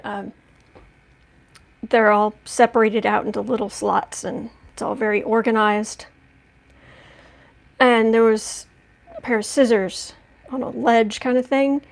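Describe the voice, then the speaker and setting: A woman's voice: fairly high pitch, vocal fry. A woman hosting a casual livestream tarot reading at home, chatting in a rambling way with many restarts and asides. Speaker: tarot reader and livestream host. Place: at home indoors.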